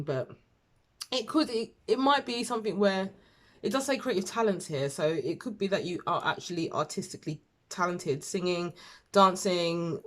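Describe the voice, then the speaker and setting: A woman giving a casual tarot reading to camera, chatty and rambling, laughing at herself. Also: medium pitch. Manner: chatty, rambling, self-deprecating, with fillers and laughs. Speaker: tarot reader.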